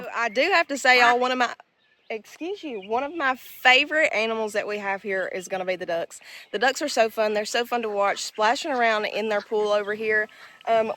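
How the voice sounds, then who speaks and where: A woman's voice: fairly high pitch, a bit bright. Chatty woman, handheld farm vlog. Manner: chatty, upbeat, says "y'all" constantly. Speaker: homesteading vlogger. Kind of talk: casual walk-around vlog. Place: outdoors on a farm, by coops and garden. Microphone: handheld phone, no tripod.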